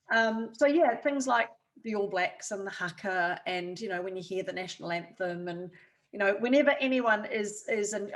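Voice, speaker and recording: A woman with a New Zealand accent, a guest in an interview, telling chatty stories and laughing often. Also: mid-range voice. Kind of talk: casual interview chat.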